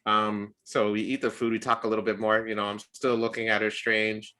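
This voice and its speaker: A young man co-hosting a podcast, telling a dating story in a casual, animated way and acting out the quotes with a jumping voice. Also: brisk. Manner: animated storyteller, acts out quotes with rising pitch. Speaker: podcast co-host.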